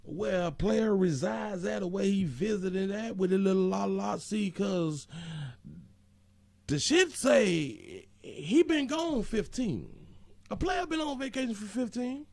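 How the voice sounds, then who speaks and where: Animated man hosting commentary. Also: high voice, takes it slowly, vocal fry, no echo. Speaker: host. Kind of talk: reaction commentary.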